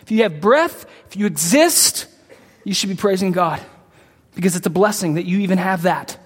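A man preaching a sermon in a conversational way, breaking into sudden emphatic high-pitched bursts and often calling out to the congregation. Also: lively intonation, moderate pace, breathy edge. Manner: frequent call-outs to the congregation. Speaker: pastor. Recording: long hall reverb.

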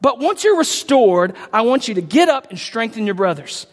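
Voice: medium pitch, very animated, normal speed. Impassioned preacher in a reverberant hall. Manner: emphatic, impassioned delivery; stumbles and restarts when reading aloud. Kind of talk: sermon with scripture reading. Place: large hall with a congregation.

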